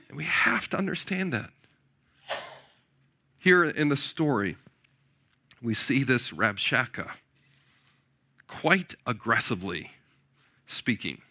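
Animated man preaching a sermon. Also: a little high. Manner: animated, asks the audience questions, often says "right?". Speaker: pastor.

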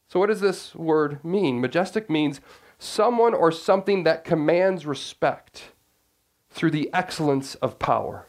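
A man's voice: fairly high pitch, animated, measured pace. A man preaching a sermon as pastor, earnest, often restarting phrases and asking the congregation questions.

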